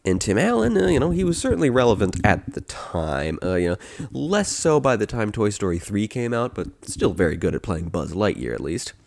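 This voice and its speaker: A man with a low voice talks through a podcast in a chatty, wry way, cracking jokes and laughing at them. The sound is dry and close, with little room behind it. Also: big pitch swings, a little fast, vocal fry, a little mellow, dry recording. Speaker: podcast host. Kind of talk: casual commentary.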